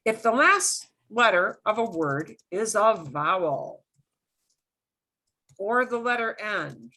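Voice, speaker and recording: A middle-aged woman teaching an online lesson, her bright voice slow and patient. She repeats points and leans hard on her examples, pitch swinging up and down as she explains. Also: animated. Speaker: Spanish teacher.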